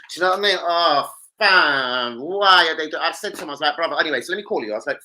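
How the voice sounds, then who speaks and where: A young man, hosting a football live stream and chatting with his viewers in an animated, slangy and sweary way. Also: fairly high pitch, quick pace, poor audio. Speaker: football livestream host. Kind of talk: casual live-stream chat.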